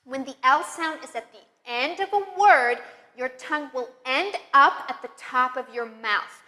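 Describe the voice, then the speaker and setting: A woman teaching English pronunciation, leading slow, careful drills with encouraging praise. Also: high-pitched, pushed and bright. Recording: long reverb, room echo.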